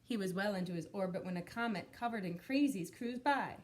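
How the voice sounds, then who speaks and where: A woman teacher reading a picture book aloud to children, expressive, pausing to explain words. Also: medium pitch.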